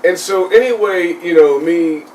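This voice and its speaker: A man's voice: high-pitched, a little slow, a little mellow. A young man hosting a podcast, telling a comedic ghost story in a rambling way full of "like". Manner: rambling, lots of "like". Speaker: podcast host. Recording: slightly distant mic, faint noise.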